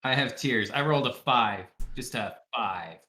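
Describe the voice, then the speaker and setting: A man's voice: mid-range voice, measured pace, pushed and bright, reverberant. A man playing a tabletop game, eager and easily amused. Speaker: player. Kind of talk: casual tabletop play.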